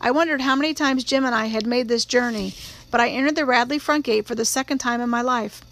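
A woman reading a novel aloud in calm, measured audiobook narration. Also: on the high side, poor audio. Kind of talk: scripted narration.

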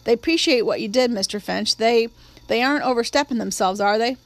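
A woman's voice: a little high, a little fast, no room sound, lightly acted. A woman voicing a loyal, plain-spoken housekeeper. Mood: matter-of-fact.

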